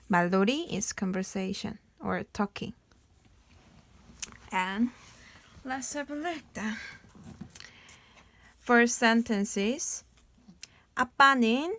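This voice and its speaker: A woman's voice: mid-range voice, no room sound. A young woman from South Korea with a Korean accent, patiently explaining a beginner language lesson and sounding out playful laughing words. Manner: slow, patient explaining with sing-song demonstrations of laughter sounds.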